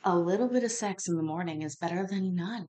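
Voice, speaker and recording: A woman's voice: fairly low pitch, a little fast, dark tone. A woman hosting a show, reacting to court footage with crude, sarcastic and mocking remarks in a casual way. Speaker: host commenting on court footage.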